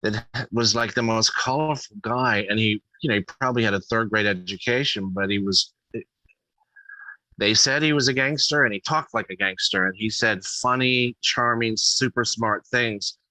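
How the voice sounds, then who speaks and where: A man's voice: on the low side, moderate pace, sharp tone, dry recording, rough recording. A man chatting as a guest comedian, rambling and interrupting himself as he tells stories. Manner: rambling, self-interrupting storyteller. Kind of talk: casual storytelling chat.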